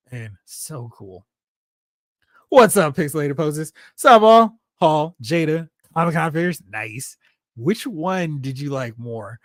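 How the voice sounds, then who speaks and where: A chatty, excitable man hosts a live stream and reads viewer comments aloud. His voice sits fairly high. The sound is dry and close, with no room around it. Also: moderate pace, dry recording. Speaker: host of a toy collecting show. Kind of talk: casual live-stream chat reading comments.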